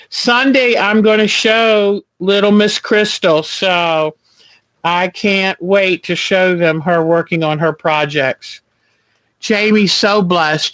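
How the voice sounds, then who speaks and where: A man hosting a quilting livestream, chatting gently and reassuringly while he sews at home. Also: sits high, dry recording, low-quality recording. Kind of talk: casual chat while sewing.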